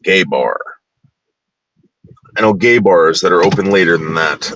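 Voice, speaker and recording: Low-voiced blunt man rambling. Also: measured pace, fairly bright tone, dry recording, muffled recording. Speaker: vlogger. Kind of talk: casual tour narration.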